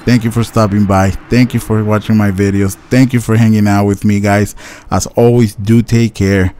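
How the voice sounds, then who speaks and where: A man's voice: lowish voice, level tone, moderate pace, dark tone, slight background noise. A young man rambling to his viewers in a casual, filler-heavy rant about fitting in. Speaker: gaming YouTuber. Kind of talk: unscripted rant to camera.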